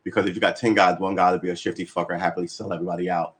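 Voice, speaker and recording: A man's voice: sits low, little pitch movement, rapid-fire. A man chatting casually on a livestream, rambling and swearing, acting out little quoted exchanges as he goes.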